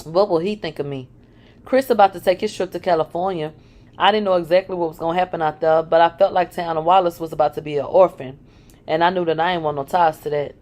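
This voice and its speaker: A woman reads a first-person memoir aloud in a fairly low voice. She is frank, and she breaks in with dry, sarcastic asides. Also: fairly even intonation, quick pace, a little mellow. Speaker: reader of a memoir.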